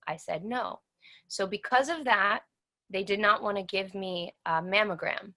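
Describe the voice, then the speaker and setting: Bright-voiced woman telling her story. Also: mid-range voice, unhurried. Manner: earnest, acts out the dialogue of others. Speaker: interview guest. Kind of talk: personal storytelling interview.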